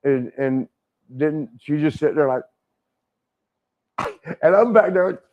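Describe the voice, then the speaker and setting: A man's voice: fairly high pitch, lively intonation, slow. An older man telling a rowdy story in casual chat, laughing often, swearing and acting out quotes. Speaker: wrestling legend guest. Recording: dull lo-fi stream audio.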